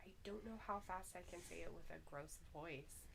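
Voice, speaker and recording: A woman's voice: lowish voice, moderate pace, creaky, fairly bright tone, slight background noise, poor audio. A woman co-hosting a live stream in casual chat, giggling often and reading viewers' messages aloud. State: slight headache.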